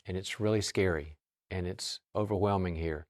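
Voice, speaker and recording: A man's voice: low-pitched, moderate pace. A middle-aged man giving a sermon as a guest speaker, telling a story in a conversational way and acting out the dialogue.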